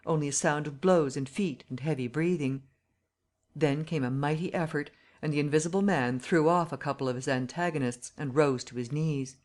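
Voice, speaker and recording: Narrator for a classic-novel audiobook; steady, even delivery at a middle pitch.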